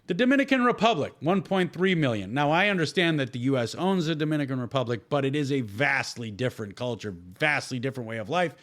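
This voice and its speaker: A man's voice: medium pitch, animated, quick pace, few pauses, fairly bright tone. A man hosting a solo podcast, talking bluntly with heavy swearing and sarcasm. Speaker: podcast host.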